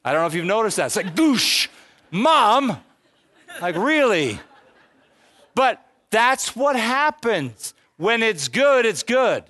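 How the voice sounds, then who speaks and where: Man, live talk to a crowd, animated, joking, somewhat high voice, dry close sound. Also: moderate pace, hardly any pauses, no room sound. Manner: animated and joking, slipping into voices for the people he quotes. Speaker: real estate investment speaker. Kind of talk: live presentation to an audience.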